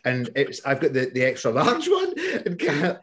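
A man with a Scottish accent, an actor talking about casting and his craft in a casual interview, reflective and quick to laugh. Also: medium pitch, wildly swooping pitch, fairly bright tone. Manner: reflective, laughs while telling stories. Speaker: actor guest.

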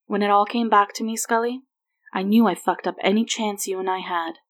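A woman reads the part of a remorseful grown man, halting and stammering as he fumbles for words. The voice sits at a middling pitch for her, in a plain storybook reading. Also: steady tone, close to an everyday voice. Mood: emotional. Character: remorseful grown man, emotional former agent.

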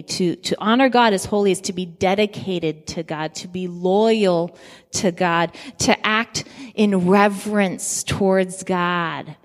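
A woman giving a measured Bible lesson, explaining the text and answering her own questions as she goes. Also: fairly low pitch, long reverb tail. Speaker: Bible teacher.

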